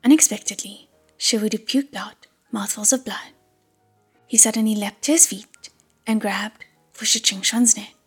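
A woman's voice: mid-range voice, normal speed, faint music behind. A woman narrating an audiobook chapter in a whispered role-play. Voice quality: breathy whisper.

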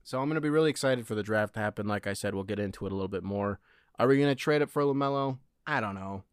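A man co-hosting a podcast in casual sports chat, animated, with quick asides. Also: on the low side, smooth, no echo, studio quality. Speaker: podcast co-host.

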